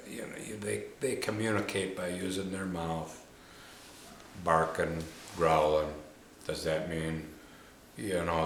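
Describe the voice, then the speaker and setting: Deep-voiced man trainer in an echoey room. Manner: folksy, repeats words, many "you know"s, drops to soft murmurs to the dog. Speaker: dog trainer. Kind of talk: casual hands-on demonstration. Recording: echoey room with faint ambient noise.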